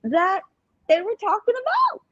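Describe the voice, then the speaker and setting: A woman's voice: very high-pitched, huge pitch swings, a little slow, a bit bright, no room sound, muffled recording. A woman, a co-host telling gossip dramatically in a casual live-stream chat.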